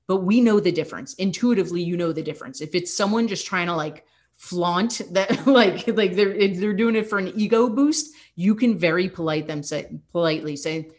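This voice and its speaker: A woman's voice: on the low side, brisk. A young adult woman fitness coach hosting a podcast, talking candidly and encouragingly, with laughs slipping in. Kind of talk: casual motivational podcast talk.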